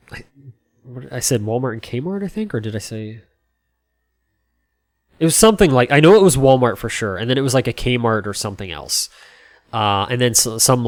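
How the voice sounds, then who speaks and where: A man's voice: medium pitch, clear, resonant tone, no echo, clean studio sound. Rambling man telling a story. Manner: rambling, full of "you know" and "like". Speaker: game streamer. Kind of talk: casual storytelling while playing.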